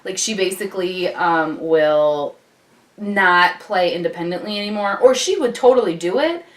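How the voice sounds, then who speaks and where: A young mother chats to a camcorder at home, rambling along with plenty of ums and likes. Her voice sits a little low for a woman, and she keeps it casual and conversational throughout. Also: lively intonation, moderate pace. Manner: chatty, many ums and likes, breaks off to talk to baby. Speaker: vlogger, mother. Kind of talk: casual chat to camera. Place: home, indoors. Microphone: camcorder on a tripod.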